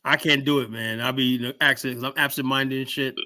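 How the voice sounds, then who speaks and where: Bright-voiced casual male host. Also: mid-range voice, steady tone. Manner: loose and profane, drawn-out fillers. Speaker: podcast host. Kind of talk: casual chat.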